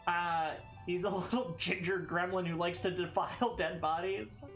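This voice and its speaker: A woman with a Southern American accent chats casually with her viewers on a game stream. She rambles, swears freely and laughs often, and her voice sits fairly low. It sounds echoey, with faint music underneath. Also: steady tone, moderate pace. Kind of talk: casual gameplay stream chat.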